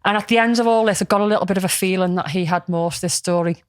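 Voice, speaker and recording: A woman's voice: on the low side, very fast. Chatty woman telling a story. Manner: chatty, rambling, lots of ums and restarts. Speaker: podcast co-host. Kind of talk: casual podcast storytelling.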